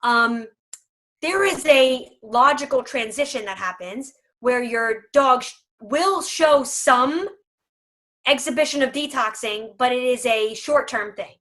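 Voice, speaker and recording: A woman's voice: fairly high pitch, measured pace, a bit bright. A woman speaking for a dog food company in a casual video chat, emphatic, humorous and persuasive.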